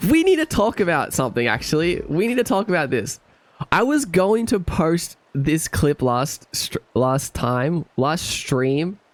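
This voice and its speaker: A man's voice: mid-range voice, no echo. A man streaming, chatting casually and animatedly, laughing often and sounding incredulous.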